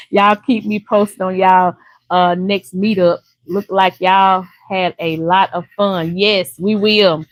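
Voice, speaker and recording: A woman's voice: mid-range voice, fairly even intonation, slow pace, no room sound, low-quality recording. An older woman from Louisiana, chatting casually and laughing often with viewers on a live stream. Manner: chatty, laughs often, warm folksy talk.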